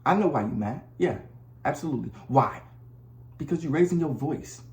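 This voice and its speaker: Man with a slightly high voice, blunt and repetitive, preaching to the camera in a roomy space. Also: expressive, moderate pace. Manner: blunt, preachy, slangy, repeats himself. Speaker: vlogger. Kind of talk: casual advice monologue to camera. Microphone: camera mic.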